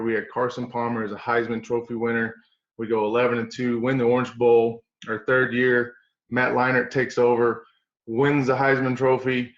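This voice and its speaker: A middle-aged man with an East Tennessee Southern accent recounts his coaching career in a folksy, animated way. His voice sits at an ordinary pitch. The recording is roomy and a bit dull. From East Tennessee, USA. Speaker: strength coach guest. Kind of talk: storytelling interview.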